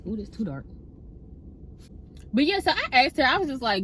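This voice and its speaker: A woman chatting in a car, telling a story straight to her viewers in a casual, expressive way. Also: high voice, normal speed, pauses often, a little hiss or hum. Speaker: storytime vlogger.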